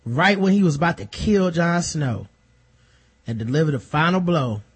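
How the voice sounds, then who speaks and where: A man's voice: fairly high pitch, normal speed, slightly rough. A man, casually recapping a TV episode and acting out characters in funny voices. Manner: animated, acts out characters with exaggerated voices and laughs. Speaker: podcast co-host.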